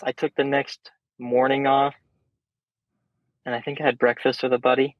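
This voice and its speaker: A young man guesting on a podcast, telling stories in a casual, animated way and swearing freely. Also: mid-range voice, moderate pace, pauses often, no room sound. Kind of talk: casual storytelling chat. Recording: dull, slightly muffled sound.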